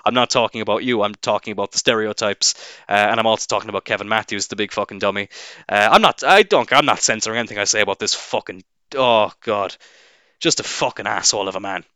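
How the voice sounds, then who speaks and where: A man's voice: on the low side, quick pace, bright, forceful tone, no echo. A young Irish man, a wrestling referee, in a casual, sarcastic and profane rant to camera. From Ireland.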